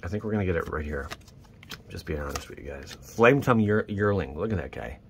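A man hosting his channel, chatting casually and excitedly to viewers as he opens trading card packs. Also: deep voice, brisk, slight background noise. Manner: excitable, rambling, talks to viewers. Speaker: channel host. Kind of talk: casual card-opening commentary.

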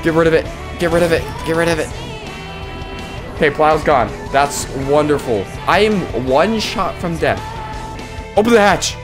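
A man giving excitable live gameplay commentary, yelping and laughing at the action as game music plays. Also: a little high, normal speed.

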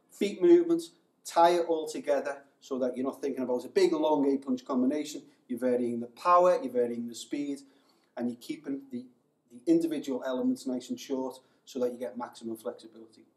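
An energetic man coaching boxing, speaking in quick bursts with the odd filler and restart. His voice sits at an ordinary middle pitch. It echoes around a roomy space, picked up from a little way off the mic. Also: far from the mic. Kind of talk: short instructional tip to camera.

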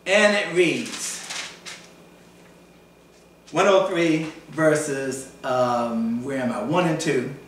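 A man's voice: fairly high pitch, very slow, long pauses, slight background noise. A pastor preaching a sermon in a church, acting out the voices of people in his stories as he goes. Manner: animated preaching, acts out voices in retold stories. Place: church sanctuary. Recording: echoey church hall, voice from far off.

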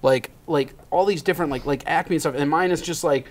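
A man's voice: fairly high pitch, fairly quick. A male comedian in casual banter, rambling with lots of fillers. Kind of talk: casual banter between comics.

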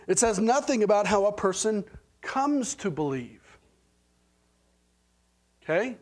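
Male pastor with an Oklahoman accent, high voice, chatty sermon delivery, church sanctuary. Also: expressive, slow pace, long pauses, a little mellow. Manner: conversational preaching, frequent "right?" and "okay?" check-ins.

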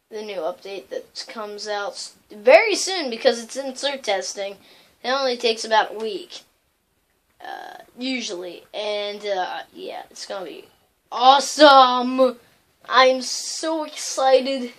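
A woman hosting a casual let's-play of a video game, rambling along with lots of fillers and loose asides. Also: medium pitch. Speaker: gaming channel host.

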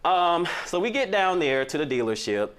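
A man's voice: fairly high pitch, big pitch swings, normal speed, a bit bright, clear, resonant tone. A man, the plaintiff on a TV court show, telling his story in a joking, storytelling way. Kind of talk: courtroom testimony.

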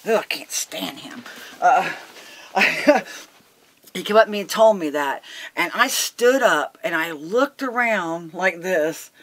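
A woman guest in an interview, telling a story in a heated, emphatic way, swearing and loudly acting out what she said. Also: fairly low pitch, expressive, takes it slowly. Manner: laughs between lines.

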